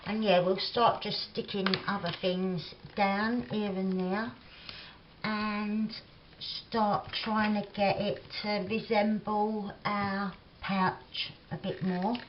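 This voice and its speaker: A woman with a Cockney accent talks slowly and loosely while she works on a craft at her kitchen table, filling her sentences with "like". The sound is a little dull, with a faint hiss behind her. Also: medium pitch, level tone. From England. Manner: rambling and chatty, lots of "like" fillers, laughs often. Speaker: craft vlogger. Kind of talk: chatty crafting vlog, reminiscing while working.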